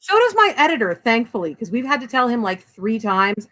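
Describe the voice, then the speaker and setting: A woman's voice: on the high side, sing-song, moderate pace, a bit bright, low-quality recording. A woman author being interviewed in a casual chat, talking bluntly and animatedly, with self-deprecating humor. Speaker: author guest.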